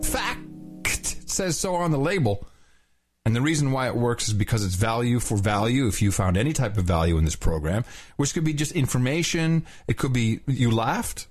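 A man co-hosting a podcast in loose, joking talk. His pitch swings widely as he riffs and teases, and he keeps sliding into mock accents. His voice sits at an ordinary middle pitch. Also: fairly quick, soft background music. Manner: animated, jokey, drifts into mock accents. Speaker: podcast co-host. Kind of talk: casual chat.

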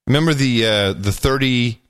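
A man co-hosting a talk show in casual chat, sardonic and animated, his pitch jumping when he gets worked up. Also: normal speed, smooth, no room sound, studio quality. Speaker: podcast co-host.

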